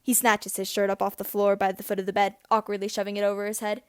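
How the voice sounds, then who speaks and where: A woman reading fan fiction aloud in a gentle, even storytelling voice. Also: medium pitch, fast talker, smooth, dry recording, clean studio sound. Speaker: audiobook reader.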